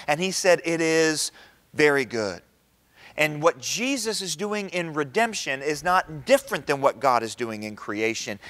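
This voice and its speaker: Animated man preaching to an audience. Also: high voice. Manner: animated, quizzes the audience with rhetorical questions. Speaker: Christian speaker addressing an audience. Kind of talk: lively public talk.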